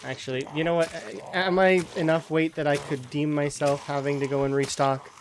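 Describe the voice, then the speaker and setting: A man's voice: on the high side, level tone, moderate pace, slight background noise. Rambling male game streamer. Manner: rambling, restarts words, dismissive of complaints. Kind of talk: casual gameplay commentary.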